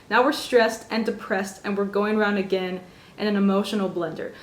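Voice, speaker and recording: Young female vlogger, gushing and animated, laughs a lot; roomy bedroom sound. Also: medium pitch. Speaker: vlogger reviewing an album. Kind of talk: casual chat.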